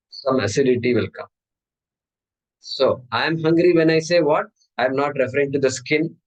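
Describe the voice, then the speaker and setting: A man's voice: medium pitch, poor audio. A man giving a spiritual discourse as teacher, asking his listeners question after question. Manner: questioning, animated. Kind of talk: Vedanta discourse.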